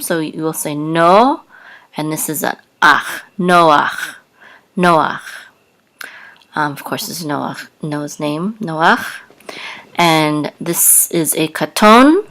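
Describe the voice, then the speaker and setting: A woman teaching a language lesson, patiently spelling out sounds letter by letter. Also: deep voice. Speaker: Hebrew teacher. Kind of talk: slow spoken lesson.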